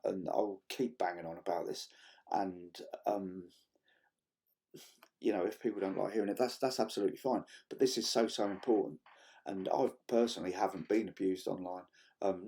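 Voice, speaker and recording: A man, rambling casually to camera in a vlog, swearing freely and filling pauses with ums and restarts. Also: sits low, steady tone, dark tone. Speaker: vlogger.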